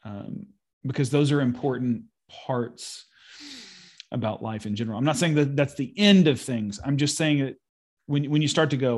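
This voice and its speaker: A man's voice: medium pitch, moderate pace. A man in a casual conversation about pastoral ministry, thinking aloud and repeating words as he goes.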